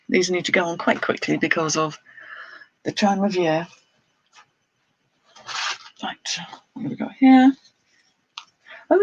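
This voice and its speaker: Husky-voiced woman chatting on a live stream. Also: low voice, no echo, muffled recording. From United Kingdom. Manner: chatty, laughs often, reads out viewer comments. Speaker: clothes reseller streaming live. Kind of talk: casual live-stream chat while showing items.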